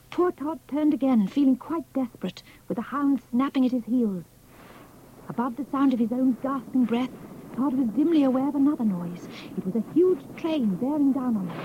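A woman narrating a children's storybook in a measured, expressive reading. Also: high-pitched, highs cut off, slight background noise.

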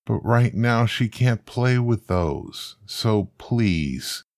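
A man's voice: medium pitch, lively intonation, extremely slow, a little mellow, dry recording, studio quality. A man voicing a patient, caring uncle in a fan-made drama. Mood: calm. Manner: patient, soothing.

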